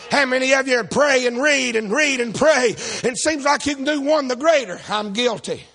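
A man preaching, folksy and shouting, calling on the congregation for amens. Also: extremely high pitch, moderate pace. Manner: folksy, shouting, calls for amen. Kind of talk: fiery preaching with stories. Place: church service.

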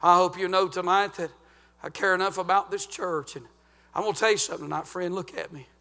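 A man preaching a sermon as pastor, swinging from sung, shouted climaxes down to low, hushed warnings. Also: fairly even intonation, fast, creaky, soft background music. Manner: fervent preaching, rising to chanted shouts then dropping low.

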